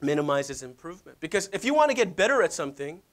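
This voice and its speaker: A man's voice: fairly high pitch, very animated, fast talker, a bit bright. A middle-aged male pastor preaching in a church, conversational and full of rhetorical questions to the audience. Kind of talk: sermon.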